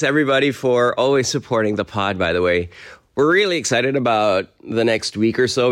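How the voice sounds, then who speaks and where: A man hosting a podcast, giving upbeat, hype-style introductions and chatting casually with his guest. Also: fairly low pitch. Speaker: podcast host.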